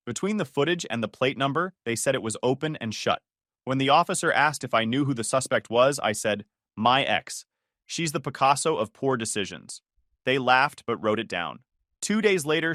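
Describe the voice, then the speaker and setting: A man's voice: mid-range voice, a bit bright, no room sound, studio quality. Man telling a dramatic story. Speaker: narrator. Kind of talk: scripted first-person storytelling.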